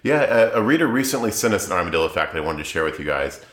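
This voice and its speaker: Animated low-voiced man on a podcast. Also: racing. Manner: animated, joking. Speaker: podcast co-host. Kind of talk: casual chat. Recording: roomy echo.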